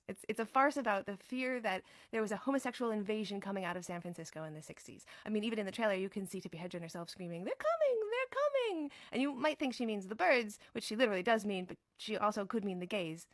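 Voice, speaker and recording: A woman's voice: mid-range voice, fast, few pauses, no room sound. A woman giving tongue-in-cheek film commentary in a wry, playful and emphatic way.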